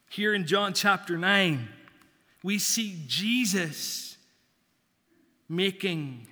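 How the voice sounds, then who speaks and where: A pastor preaching a sermon in a church, measured and deliberate, with long pauses for emphasis. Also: male voice, fairly high pitch, bright, forceful tone. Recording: long reverb of a church hall.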